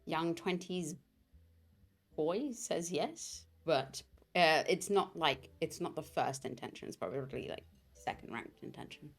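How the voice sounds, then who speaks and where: Woman, tabletop player, low pitch, gravelly, jokey. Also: lively intonation, measured pace. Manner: joking, self-deprecating. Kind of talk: casual tabletop play.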